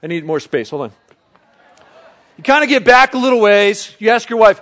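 Animated man preaching a sermon. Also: high-pitched, normal speed, pauses often. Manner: animated storytelling, swinging from loud excited bursts to quiet reflection. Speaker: pastor. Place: church service.

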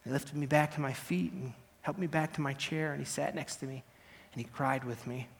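A man preaching a dramatic first-person story, swinging from hushed to loud. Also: mid-range voice, steady tone, brisk, creaky, in a large hall.

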